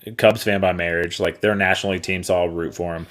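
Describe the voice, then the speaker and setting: A man co-hosting a casual podcast, telling animated, profane stories full of mocking impressions. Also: low-pitched, quick pace. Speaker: podcast co-host.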